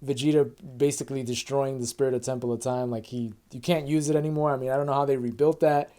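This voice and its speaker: Brief: man podcast co-host, warm mellow tone, relaxed casual recap chat. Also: mid-range voice, fast talker. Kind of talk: casual anime review chat.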